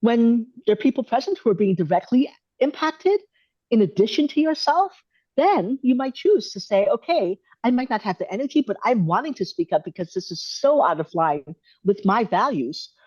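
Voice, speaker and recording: A woman hosts a live Q and A over a video call. She coaches in a measured, thoughtful and gently encouraging way. The sound is dry and a little dull. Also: a little high, sing-song, breathy edge, no echo. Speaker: host answering viewer questions.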